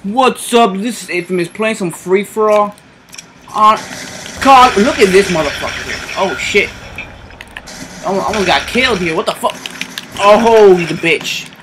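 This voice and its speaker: A man giving casual commentary over his own online shooter match, excitable and swearing constantly, yelping when something sudden happens. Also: high voice, measured pace, long pauses, noisy background. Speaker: gamer doing live commentary.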